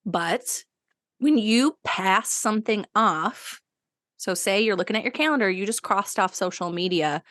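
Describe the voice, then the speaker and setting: A woman co-hosting a podcast, talking in an easy, practical way as she lays out ideas step by step. Her voice is mid-pitched and close to the mic, with a dry sound and no room echo. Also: a little slow, fairly bright tone. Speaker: podcast co-host. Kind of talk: casual podcast chat.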